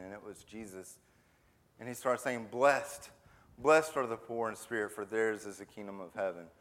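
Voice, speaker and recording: A man's voice: medium pitch, fairly bright tone, close to an everyday voice. A man voicing a kind mother who is baking bread and telling her daughter a story. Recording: long hall reverb.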